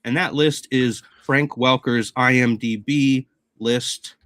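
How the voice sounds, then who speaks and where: A man's voice: mid-range voice, steady tone, slow, fairly bright tone, no room sound. A man hosting a podcast, chatting loosely and laughing a lot after a few drinks of rum. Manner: loose, laughing, a little tipsy. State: tipsy from rum. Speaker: podcast host. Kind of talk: casual podcast banter.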